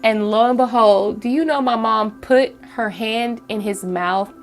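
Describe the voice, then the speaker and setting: A woman's voice: a little high, a little slow, soft background music. A woman hosting her own channel, telling a story to the camera at home in a rambling, casual way with many fillers and restarts. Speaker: channel host.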